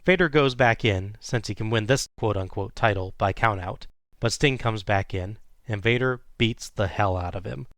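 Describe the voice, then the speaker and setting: Guy with a lowish voice doing a casual wrestling recap, dry close sound. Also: normal speed, fairly bright tone, no room sound. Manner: play-by-play recap with chuckles. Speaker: podcast host recapping wrestling.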